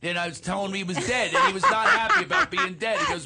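A man's voice: very high-pitched, rapid-fire, gravelly, very noisy. A man in his forties hosting a radio show, telling comic stories and acting out lines and voices. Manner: animated storyteller, acts out voices and lines.

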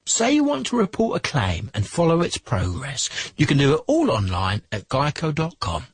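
A man reading a wry scripted radio ad in a husky voice. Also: a little high, wildly swooping pitch, moderate pace, no room sound, clean studio sound, heavily acted.

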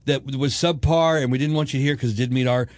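A man's voice: mid-range voice, fairly even intonation, fast talker, dry recording. A man co-hosting a radio show, arguing his opinions in casual banter. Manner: opinionated, argues his point animatedly.

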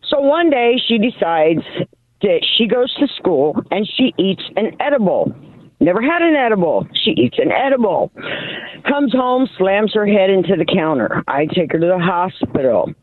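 A woman calling in to a radio show, telling her story in a lively way and acting out what she said to her kids. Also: medium pitch, moderate pace, no echo. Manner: animated storyteller acting out her own quotes. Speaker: caller. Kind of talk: phone-in story. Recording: tinny phone line.

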